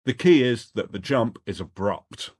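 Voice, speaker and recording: A man teaching a comedy writing class over a video call, explaining in a relaxed way. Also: lowish voice, measured pace, no room sound.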